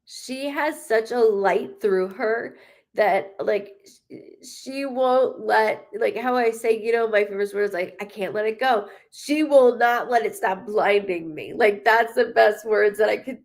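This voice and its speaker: A woman's voice: mid-range voice, unhurried, vocal fry. A woman medium doing a live reading, talking in an emotional, rambling way with many fillers as she relays spirit messages. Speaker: psychic medium.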